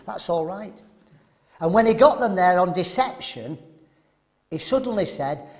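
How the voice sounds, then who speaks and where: Animated preacher, high voice. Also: male voice, normal speed. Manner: animated, rhetorical questions to the audience. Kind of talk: sermon at a men's seminar.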